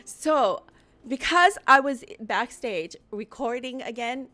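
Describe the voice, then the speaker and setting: A woman hosting a live-streamed podcast, telling a story in an animated way and laughing often. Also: fairly high pitch, unhurried. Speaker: host. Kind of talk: livestream podcast chat.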